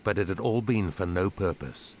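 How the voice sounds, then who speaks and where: A man narrating a documentary script in a grave, measured way. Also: low-pitched, darkish tone, slight background noise.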